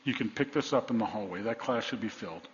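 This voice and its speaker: A man in his sixties, a pastor preaching a sermon in a church, blunt and folksy, swinging between loud exhortations and quiet asides. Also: lowish voice, quick pace. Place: church sanctuary. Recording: echoey hall, slightly dull sound.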